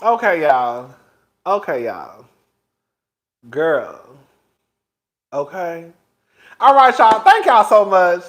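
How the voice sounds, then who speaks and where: A man with a high-pitched voice talks to his viewers in a loose, flamboyant, chatty way, tossing in girl and child. He records himself on a phone for his vlog. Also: sing-song, drawn-out words, pauses often, fairly bright tone. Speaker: vlogger. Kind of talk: casual chat to viewers.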